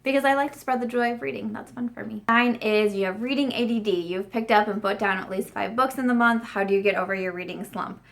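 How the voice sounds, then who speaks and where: A woman book vlogger in her thirties, talking casually to her viewers. She rambles in a friendly way, restarting her sentences and filling pauses as she thinks aloud. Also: mid-range voice, fairly even intonation, creaky. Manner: chatty, with frequent restarts and fillers. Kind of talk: casual chat to camera.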